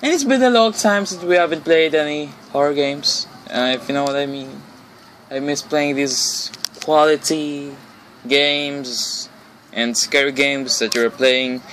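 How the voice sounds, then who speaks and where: A man's voice: medium pitch, a bit bright, a little hiss or hum, low-quality recording. A man commenting on a horror game he plays alone in his room, jumpy and nervous, repeating himself and exclaiming. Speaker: let's play gamer.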